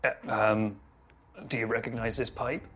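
A man playing in a tabletop role-play, questioning a character in a playful way, laughing often and filling pauses. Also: on the low side, little pitch movement, a bit bright, husky. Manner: playful, laughs between lines, trails off with fillers. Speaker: player.

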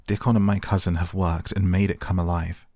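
A man's voice: deep voice, level tone, brisk, dark tone, no echo, studio quality. A man voicing a proud, commanding sickly boy who gives orders. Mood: imperious. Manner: imperious, giving orders.

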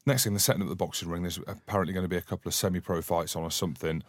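Deep-voiced Scottish man telling stories. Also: very fast, no echo, studio quality. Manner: swearing, animated anecdote-telling. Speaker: podcast co-host, former rugby player. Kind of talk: casual storytelling chat.

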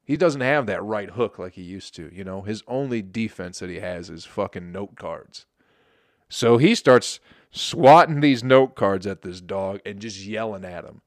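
A man's voice: fairly low pitch, lively intonation, measured pace, no room sound, clean studio sound. A man doing a rambling, profane, sarcastic comedy monologue as host.

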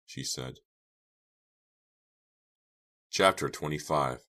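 A man narrating a horror novel audiobook in a measured, steady reading. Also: very deep voice. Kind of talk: scripted narration.

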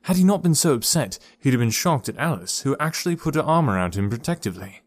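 A man reads a children's adventure story as an audiobook, measured and expressive. His voice sits at a middle pitch and the recording is dry and close, with no room echo. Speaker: narrator. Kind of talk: audiobook narration.

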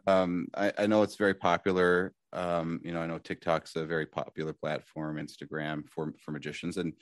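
A man's voice: low voice, flat delivery, brisk, no room sound, studio quality. A man guest on a podcast, talking casually and thoughtfully with many hesitations. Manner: thoughtful, hesitant, laughs easily. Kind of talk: casual interview chat.

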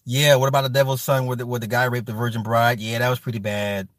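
A man hosting a livestream, chatting casually and reading comments, loose and profane, with loud animated outbursts. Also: mid-range voice, quick pace, no room sound, studio quality. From Chicago. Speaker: livestream host reading chat. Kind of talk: casual chat.

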